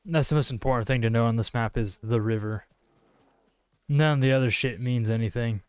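A man's voice: medium pitch, a little fast, smooth. A male streamer giving casual gameplay commentary, joking and swearing while talking to his chat. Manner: joking and profane, talks to chat.

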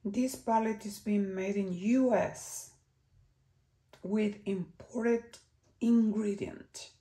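A woman from Chile with a Chilean Spanish accent, reviewing beauty products in an unhurried way and dropping to soft whispers when she admires something. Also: medium pitch, steady tone. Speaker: beauty vlogger.

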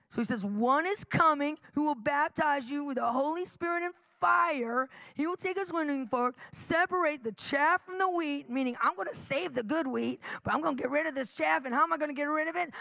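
A middle-aged woman preaching live with animated storytelling, laughing often and acting out the people in her stories. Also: high voice, fairly quick, gravelly, few pauses, no room sound.

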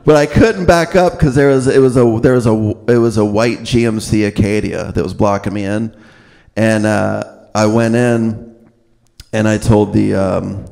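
A man doing a stand-up comedy set on a club stage, telling deadpan stories full of swearing and quick put-on voices. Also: fairly low pitch, vocal fry. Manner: deadpan storytelling, swears, acts out other voices. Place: comedy club stage before a live audience.

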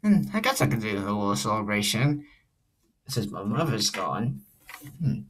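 A man's voice: fairly low pitch, big pitch swings, normal speed, slightly rough. Rambling young man vlogging at home. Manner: rambling, hesitant, many restarts. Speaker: channel host. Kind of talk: casual vlog chat.

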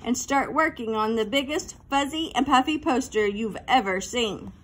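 A woman's voice: on the high side, normal speed, natural voice. A woman doing a cocky, laid-back schoolboy. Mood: wry. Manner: breezy, knowing, hissed asides. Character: cocky, laid-back fifth-grade boy.

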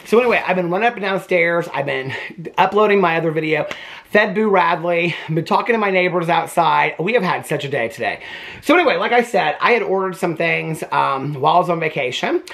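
A middle-aged man chats to camera from his bedroom, rambling and cheerfully correcting himself as he goes. His voice swings up and down in a lively way, and he laughs easily between sentences. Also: a little high, fairly quick, vocal fry. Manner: chatty, rambling, self-correcting, laughing often. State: out of breath. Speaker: vlogger. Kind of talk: casual chat to camera. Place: home bedroom.

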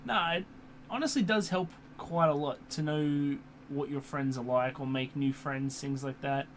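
A man's voice: a little high, a little slow. A young man vlogging casually, rambling with many fillers and restarts, and swearing often. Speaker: YouTuber. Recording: computer fan hum in background.

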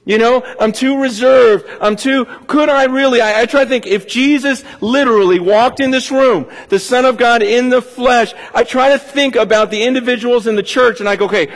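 A man's voice: extremely high pitch, moderate pace, hardly any pauses. A middle-aged man from California preaching a sermon as a pastor, candid and confessional, with stumbling restarts. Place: church hall. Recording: long hall reverb.

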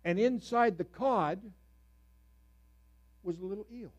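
A middle-aged male pastor delivers a sermon in a fairly high voice, telling stories easily before erupting into sudden loud, animated bursts. When excited, his pitch leaps upward. He speaks slowly, and the sound is lo-fi.

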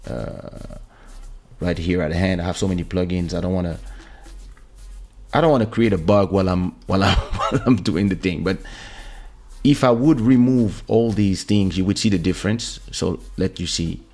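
A man hosting a live stream, explaining his audio setup step by step and speaking softly and loudly on purpose to show the effect, into a broadcast microphone. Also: low voice, normal speed. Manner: explains step by step, talks loud and soft on purpose. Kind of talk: casual tech demonstration. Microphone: dynamic broadcast microphone.

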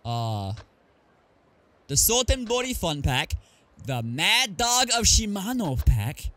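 A man's voice: high-pitched, big pitch swings, slow pace, fairly bright tone, dry recording. A man streamer chatting casually over gameplay, reading item names aloud and joking about the game.

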